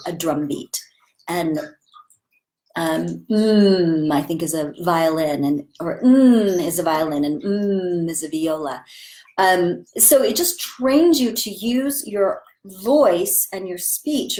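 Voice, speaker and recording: A woman's voice: fairly low pitch, a little mellow, poor audio. A woman acting teacher talking casually and with enthusiasm about voice training, demonstrating vowel sounds as she goes.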